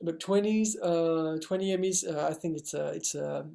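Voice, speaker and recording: A man's voice: a little high, normal speed, vocal fry, warm tone. A young man from France with a French accent, answering interview questions in a hesitant, filler-heavy way. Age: young adult. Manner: hesitant, many fillers and restarts. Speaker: actor guest.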